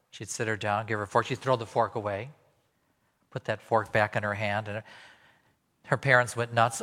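Animated male preacher in a reverberant hall. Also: on the low side, moderate pace, pauses often. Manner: animated storytelling, acting out quoted voices. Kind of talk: sermon.

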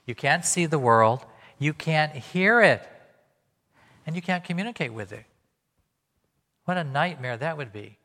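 A man's voice: fairly high pitch, animated, unhurried, long pauses, pushed and bright. A man preaching a sermon, telling stories and acting out the voices of the people he quotes. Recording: long hall reverb.

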